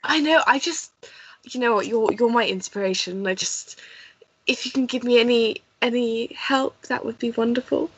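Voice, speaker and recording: A woman's voice: fairly high pitch, moderate pace, breathy edge, dry recording, poor audio. A woman playing a tabletop game, talking in an effusive, eager way. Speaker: player. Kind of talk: casual tabletop play.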